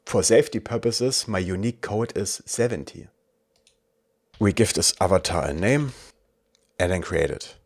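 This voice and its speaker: A man with a German accent, casually walking viewers through a software tutorial with dry asides. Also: low voice, normal speed, long pauses, husky. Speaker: tech reviewer. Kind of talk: screen-recorded software tutorial.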